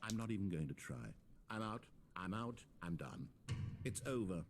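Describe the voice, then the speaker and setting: A man's voice: low-pitched, expressive, moderate pace, a little hiss or hum. A man playing a dry, sarcastic narrator in a video game, speaking with mock-earnest irony. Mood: deflated. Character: wry, sarcastic male game narrator, middle-aged.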